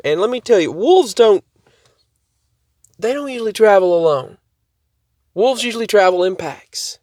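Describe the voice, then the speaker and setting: Man vlogger, rambling storyteller, higher-than-usual pitch, close dry sound. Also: animated, moderate pace, pauses often, darkish tone, no room sound. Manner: rambling, repeats and restarts himself. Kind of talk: casual storytelling to camera.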